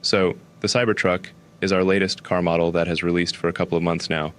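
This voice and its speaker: A man playing a smug, careless tech billionaire in a comedic interview sketch, speaking in a flat, offhand deadpan. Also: deep voice, fairly quick.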